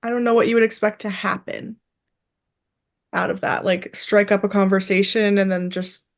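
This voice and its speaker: In a relaxed podcast chat, a young female co-host spins a story and acts out its quotes with gusto. Her mid-range voice moves at a normal pace.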